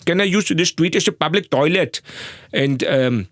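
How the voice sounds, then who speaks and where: A man's voice: on the high side, animated, moderate pace, no room sound, studio quality, pitched above the performer's own voice, lightly acted. A man putting on an exaggerated Indian accent. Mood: mocking. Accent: Indian, put on over German. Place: sound booth.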